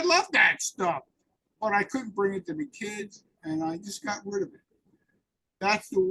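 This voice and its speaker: A man with a high, somewhat bright voice speaks as an interview guest, spinning rambling stories about his personal recovery and voicing the dialogue himself. The recording is low quality, with a little hiss or hum.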